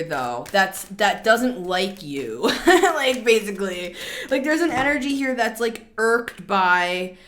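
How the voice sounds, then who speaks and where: Chatty rambling tarot reader, woman. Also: fairly high pitch. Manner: chatty, rambling, animated asides. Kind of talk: casual tarot reading.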